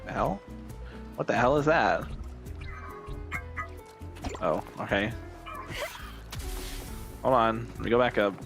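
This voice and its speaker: A man's voice: mid-range voice, lively intonation, slow pace, gravelly, long pauses, music in the background. A man streaming a game, chatting casually in a rambling, wry way with lots of fillers. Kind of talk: casual gaming commentary.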